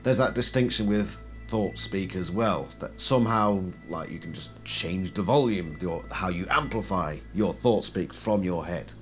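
Man, video essayist, low-pitched and animated, casual explainer with rhetorical questions. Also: measured pace, hardly any pauses, soft background music. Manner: animated, poses rhetorical questions then answers them.

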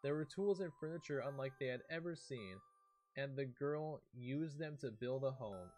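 A man's voice: medium pitch, moderate pace, darkish tone, faint music behind. A young man streaming a game, reading a storybook aloud and often breaking off to chat and react.

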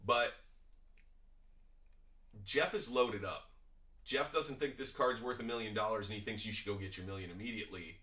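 A man's voice: on the low side, moderate pace, long pauses, bright, forceful tone, reverberant. A man hosting a reaction video, giving opinionated, critical commentary on a clip in a conversational way.

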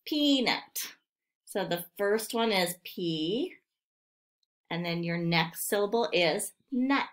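A woman's voice: on the low side, slow pace. A woman teaching a remote phonics lesson to second graders, patiently sounding out words syllable by syllable.

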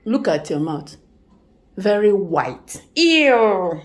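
Nigerian mom vlogger, unhurried delivery, playful coaxing tone, casual at home. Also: female voice, mid-range voice, a little mellow, rough recording. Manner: coaxing, playful, laughs often. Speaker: family vlogger, mother.

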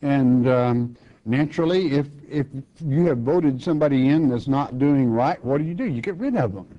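An older man, teaching a Bible chapter in a homespun, plainspoken way, with halting restarts. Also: medium pitch, expressive. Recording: dull lo-fi recording.

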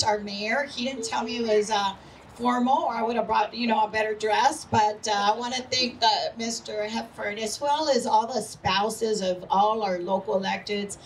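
A woman's voice: fairly high pitch, far from the mic, slight background noise, rough recording. A woman, a local official, giving a friendly public speech with thanks to the community, loosely worded with fillers. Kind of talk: public speech at outdoor ceremony.

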